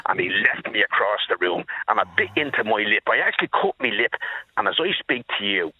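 A man's voice: fairly low pitch, expressive, fairly quick, husky, dry recording. A man in his sixties with a Dublin accent, calling in to a radio show and telling a story emphatically while addressing the host by name. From Dublin, Ireland. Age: 60s. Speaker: caller. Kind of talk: phone-in storytelling. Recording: tinny phone line.

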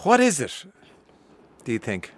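A man's voice: mid-range voice, wildly swooping pitch, a little slow. A man hosting a radio interview. He is jovial and teasing, and he often repeats his phrases. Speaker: radio host.

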